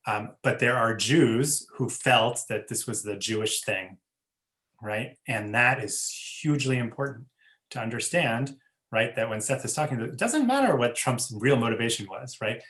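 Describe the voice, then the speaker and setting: A man, a rabbi teaching an online class, speaking in a measured way with many fillers and frequent "right?" tags over a video call. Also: mid-range voice, animated, a bit bright.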